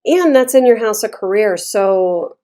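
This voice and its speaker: A woman's voice: mid-range voice, expressive, measured pace, dark tone. A woman giving a casual tarot reading, talking bluntly and chattily and swearing freely. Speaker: tarot reader.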